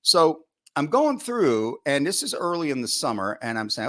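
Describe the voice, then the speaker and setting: A middle-aged football coach, a podcast guest, telling coaching stories in an animated way and acting out his own past thoughts, with frequent restarts and "you know" fillers. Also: on the high side, moderate pace. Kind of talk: storytelling in a podcast interview.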